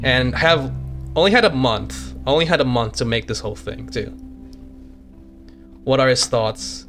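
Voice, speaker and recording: With a mid-range, expressive voice that's a little fast and fairly bright, this VTuber streamer walks viewers through games he developed himself. His casual live commentary is dotted with frequent chuckles, repeated phrases, and sentences left trailing. Faint music plays in the background.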